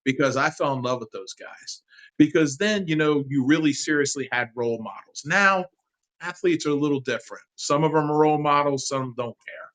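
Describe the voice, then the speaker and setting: A man in his fifties, a guest on a sports interview, telling a heartfelt childhood story in an animated, casual way. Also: on the high side, a little fast, rough recording.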